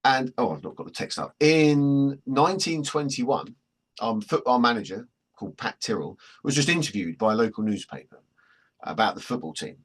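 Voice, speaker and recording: A man with a husky voice, presenting a workshop in a chatty, joking storytelling way. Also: mid-range voice, sing-song, moderate pace. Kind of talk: anecdotal workshop talk.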